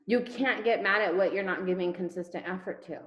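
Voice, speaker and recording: A woman's voice: mid-range voice, a little fast, a bit bright, roomy sound, dull audio. A woman leading a network marketing team, giving an emphatic motivational talk over a video call, firing rhetorical questions and repeating words for effect. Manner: emphatic, rhetorical questions, repetition, casual swearing.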